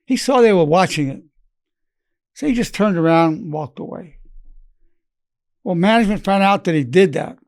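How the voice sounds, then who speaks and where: This psychologist in his eighties teaches through stories about his patients, voicing their words himself. His high, expressive voice moves at a normal speed with long pauses. The studio recording is clean, with no echo.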